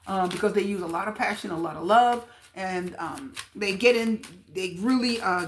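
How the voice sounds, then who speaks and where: A woman's voice: mid-range voice, a bit bright, a little hiss or hum. A woman giving a pick-a-card tarot reading to her viewers, chatty and repetitive, talking straight to them. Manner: chatty, repeats herself, talks straight to viewers. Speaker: tarot reader.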